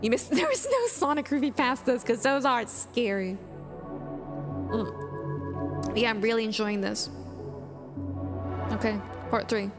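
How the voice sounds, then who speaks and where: A woman with a slightly high voice reads horror stories aloud on a live stream, drifting into chatty, rambling asides. Her voice rings with a long reverb, and clear music plays underneath. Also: animated, takes it slowly, long pauses.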